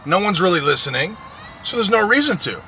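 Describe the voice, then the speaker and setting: A man who drives a truck rants in a profane, repetitive, aggrieved monologue. His voice is bright and sharp, with pitch that swings up and down a lot. Faint street and vehicle noise sits behind him. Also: very animated, brisk. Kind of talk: ranting monologue.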